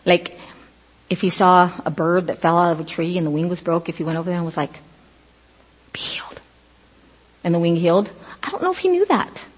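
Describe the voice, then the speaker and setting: A middle-aged woman giving a casual sermon, telling stories with lively acted-out quotes. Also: fairly low pitch, fast, breathy edge. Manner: animated storytelling, acts out quoted voices. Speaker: preacher. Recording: dull lo-fi audio in a reverberant hall.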